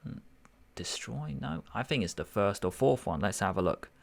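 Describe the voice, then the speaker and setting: Deep gravelly male tutor thinking aloud. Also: expressive. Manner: musing, unhurried, self-correcting. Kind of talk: thinking aloud through a test paper.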